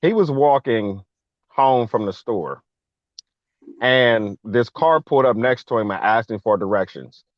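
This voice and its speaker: An unhurried man with a mid-range voice, appearing as a guest veteran, recounts a long personal story casually. His delivery is animated and full of slang, with quoted people acted out in their own voices; the audio is dull, lo-fi and dry, with no echo.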